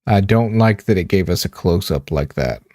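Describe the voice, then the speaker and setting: A man streaming a game, reading text aloud with relaxed, wry asides. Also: deep voice, moderate pace, dry recording, clean studio sound.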